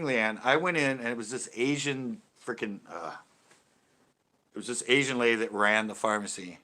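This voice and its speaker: A man's voice: mid-range voice, normal speed, pushed and bright. A man hosting a casual video chat, telling a rambling story with many restarts and self-corrections. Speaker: channel host talking to live chat. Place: home porch.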